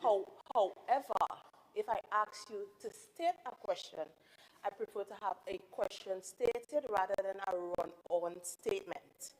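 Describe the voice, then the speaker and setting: A woman chairing a parliamentary sitting as presiding officer, firm and measured. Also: mid-range voice, rough recording. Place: legislative assembly chamber.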